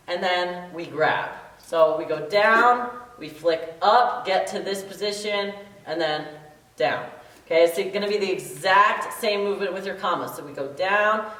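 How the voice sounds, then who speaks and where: Encouraging young woman teaching karate drills. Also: fairly high pitch. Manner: encouraging, counts drills and shouts kiai yells. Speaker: karate instructor. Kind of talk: online martial arts lesson. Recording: echoey room from far off.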